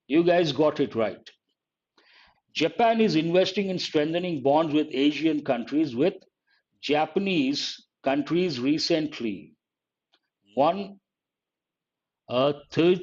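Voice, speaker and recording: A man's voice: a little high, a little mellow. A man teaching grammar in a live exam-prep class, explaining step by step and repeating key phrases. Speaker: English teacher. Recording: dull lo-fi online class audio.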